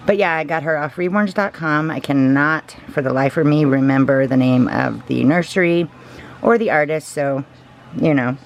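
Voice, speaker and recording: A woman chatting casually and gushing softly, laughing often as she shows off her collection. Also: low voice, normal speed, gravelly, dull audio, slight background noise. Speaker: reborn doll collector. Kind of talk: casual show-and-tell vlog.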